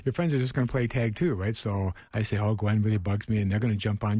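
A man who works as a counselor, a radio guest giving gentle, earnest advice and explaining patiently. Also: on the low side, quick pace, slightly rough, no room sound, clean studio sound. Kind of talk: advice on a radio talk show.

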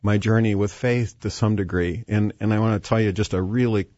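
A man's voice: fairly low pitch, steady tone, brisk, mellow, no room sound. A man guest talking about faith in a hesitant way, with many fillers and restarts. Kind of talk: faith-based conversation. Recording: dull, dry lo-fi sound.

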